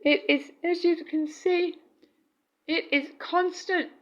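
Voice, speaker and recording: A woman with a high voice talks slowly and gently as she films indoors at night. Her words come soft and tender, and the phone recording sounds dull and lo-fi. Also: steady tone. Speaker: vlogger. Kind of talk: casual home video narration.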